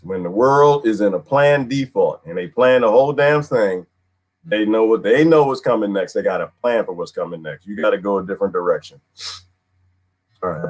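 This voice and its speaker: A man ranting casually on a livestream, rambling in folksy slang, repeating himself and reading chat comments aloud. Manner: rambling and animated, swooping pitch, frequent laughs.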